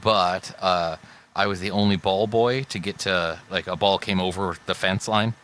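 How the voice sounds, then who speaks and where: An American man with a very deep voice and a bright, forceful edge chats on a podcast. He hesitates often and fills gaps with fillers, dropping wry asides along the way. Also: steady tone, moderate pace, slight background noise. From United States. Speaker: podcast co-host. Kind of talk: casual chat.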